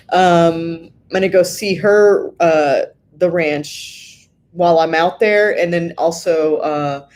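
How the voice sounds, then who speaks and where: A middle-aged woman from Southern California hosting a live stream, chatting casually as she reads viewer comments, laughing often and filling pauses with lots of ums. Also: lowish voice.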